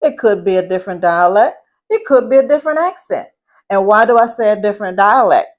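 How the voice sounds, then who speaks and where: Speaking in an expressive, mid-range voice over lo-fi sound, a middle-aged woman with a Southern accent from Southeast Louisiana gives instruction in etiquette and speech. She is deliberate, repeats her points and asks the listener questions.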